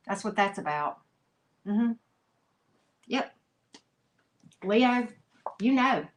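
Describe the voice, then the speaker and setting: A woman's voice: mid-range voice, fairly bright tone. A woman giving a live tarot reading, talking emphatically and chattily to her viewers, with frequent "mm-hmm" asides. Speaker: tarot reader.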